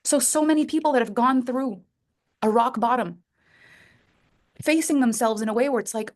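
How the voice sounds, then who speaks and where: A woman's voice: a little high, normal speed, pauses often. A middle-aged woman, a life coach, talking to listeners in a coaching call and acting out inner voices with big jumps in her voice.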